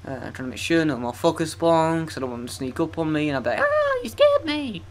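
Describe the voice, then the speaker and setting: A man's voice: a little high, racing. A young man giving profane, sarcastic, self-mocking commentary while playing a video game. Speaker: let's play gamer. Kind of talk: gameplay commentary.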